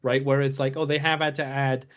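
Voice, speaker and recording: A man co-hosting a gaming podcast explains game strategy at length in casual conversation, often restarting with fillers. His mid-range voice is clear and resonant, with a level tone and a brisk pace.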